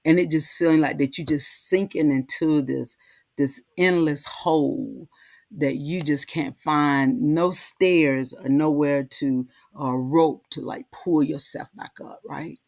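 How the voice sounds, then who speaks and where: A woman hosting a heartfelt, casual talk, halting and repeating herself, often asking "right?". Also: deep voice, fairly even intonation, vocal fry, darkish tone, no echo, studio quality. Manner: halting, repeats words, frequent "right?" tags. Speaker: host.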